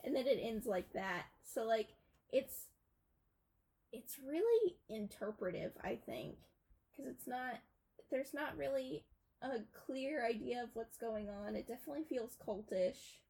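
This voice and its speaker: A woman's voice: on the high side, expressive, a little slow, vocal fry, darkish tone, rough recording. A young woman co-hosting a casual podcast, rambling through a film plot with frequent filler words. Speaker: podcast co-host. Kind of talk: casual chat retelling a film.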